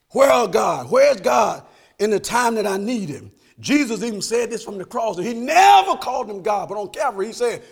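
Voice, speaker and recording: A pastor in full flow, his voice pitched high for a man and leaping all over its range. He throws out "amen?" to the congregation and drops to near-whispers before building back up to shouts. Delivery rooted in a style. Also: very animated, brisk, slightly rough. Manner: call-and-response preaching, asks "amen?" often, swings from soft to shouted. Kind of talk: sermon.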